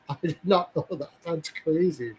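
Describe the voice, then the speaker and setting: A man's voice: on the high side, slow, darkish tone, a little hiss or hum, low-quality recording. A man hosting a hockey talk show in casual, blunt chat, swearing freely and often correcting himself mid-sentence. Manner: blunt, profane, rambling with self-corrections. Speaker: hockey podcast host.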